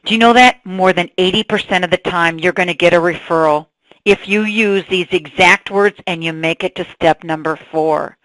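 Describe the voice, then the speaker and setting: A woman giving a sales training webinar, energetic and asking her audience questions, on a computer mic. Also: on the low side, normal speed, no room sound, poor audio.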